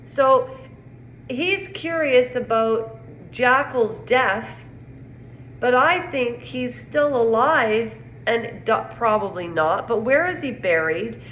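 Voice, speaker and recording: A woman's voice: a little high, takes it slowly, fairly bright tone. A woman from Canada giving a rambling, indignant casual opinion monologue on pop culture. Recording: echoey room with faint noise.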